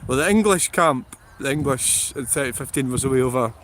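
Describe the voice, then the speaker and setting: A man's voice: mid-range voice, expressive, a little fast, fairly bright tone, slight background noise. Sweary Scottish man talking outdoors. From Scotland. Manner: blunt, sweary, laughs often. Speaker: vlogger. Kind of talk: rambling livestream chat. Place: outdoors in a field.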